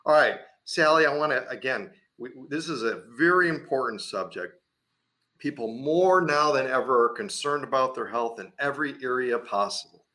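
A man's voice: mid-range voice, lively intonation, moderate pace, sharp tone. A man hosting an interview show, enthusiastic and a bit rambling. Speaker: host.

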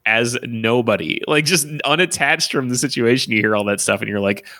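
A man's voice: medium pitch, a little fast, bright, forceful tone, dry recording, clean studio sound. A young man chatting casually on a podcast, rambling, laughing often and swearing freely. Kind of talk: casual chat.

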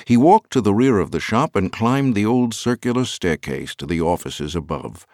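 A man with a very low voice reads an audiobook in a measured, storytelling way. His pitch stays lively and expressive, and the recording is close and dry. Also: dry recording. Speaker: audiobook narrator. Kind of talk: scripted audiobook narration.

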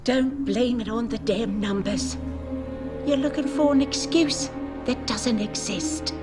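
A woman's voice: on the high side, takes it slowly, over music. An actress playing a blunt, bitter woman who scolds a visitor for believing in a curse, in a TV drama clip. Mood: scolding.

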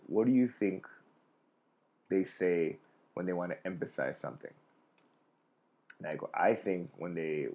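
A man's voice: low-pitched, darkish tone. A young adult man, a comedian hosting a live stream, telling rambling, profane, self-mocking stories in casual chat.

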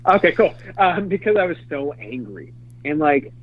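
A man's voice: on the high side, big pitch swings, normal speed. A middle-aged man telling candid stories in a casual interview, rambling with many fillers and restarts. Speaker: interview guest, former publicist. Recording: dry, phone-like lo-fi sound.

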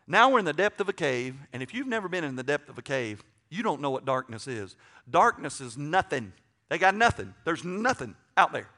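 A man's voice: fairly high pitch, sharp tone. A man, preaching a sermon and telling a story, acting out the dialogue and often repeating words. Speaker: pastor.

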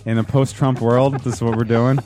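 A man from New Jersey, a comedy podcast co-host, telling deadpan, rambling ironic jokes. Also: medium pitch, fairly quick, over loud music. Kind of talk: casual comedy podcast banter.

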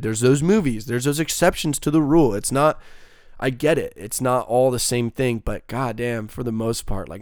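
A man's voice: mid-range voice, darkish tone, no room sound, studio quality. Heated, profane young man ranting. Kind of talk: casual podcast rant.

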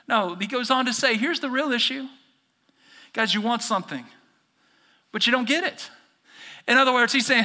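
Animated high-voiced male pastor preaching. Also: fairly quick, big-room sound. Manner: animated preaching, talks directly to the congregation, acts out quoted voices. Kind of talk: sermon.

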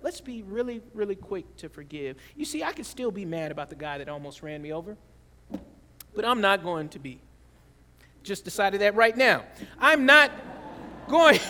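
A man preaching a sermon as pastor, telling stories with animated shifts between quiet and loud. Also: long reverb tail. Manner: animated storytelling with big swings in pitch and loudness.

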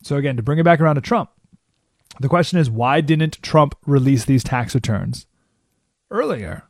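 A man hosting a talk radio show, telling stories with animated delivery and asking rhetorical questions. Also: medium pitch, normal speed, dry recording, studio quality. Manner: animated storytelling with frequent rhetorical "right?"; acts out quoted voices.

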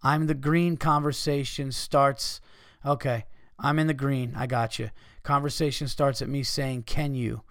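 A man's voice: mid-range voice, fairly even intonation, unhurried, few pauses, a bit bright, no room sound, studio quality. Profane ranting man hosting a podcast. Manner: profane, rambling, fired-up ranting. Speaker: podcast host. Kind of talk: solo podcast rant, reading listener letters.

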